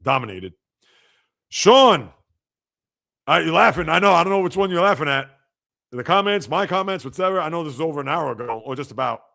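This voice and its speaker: A man hosting a live sports podcast, reacting to news and reading out viewer comments in an animated, chatty way. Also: a little high, quick pace, vocal fry. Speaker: podcast host.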